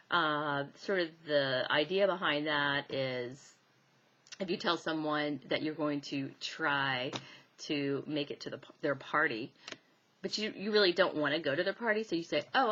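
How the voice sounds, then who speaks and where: A woman's voice: low-pitched, pushed and bright, dull audio. A woman hypnosis instructor teaching in a casual, chatty way, laughing often and using many fillers. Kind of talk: casual teaching talk to camera.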